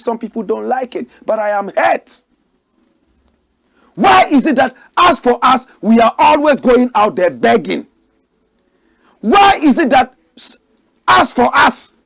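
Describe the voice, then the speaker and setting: A man's voice: very high-pitched, big pitch swings, unhurried, creaky, long pauses, fairly bright tone. A Ghanaian man hosting a political commentary show, preaching in rhetorical, outraged bursts. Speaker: host.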